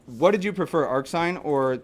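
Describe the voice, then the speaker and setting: A man's voice: a little high, animated, moderate pace. A man teaching a math class in a classroom, chatty and joking, asking his students questions as he lectures.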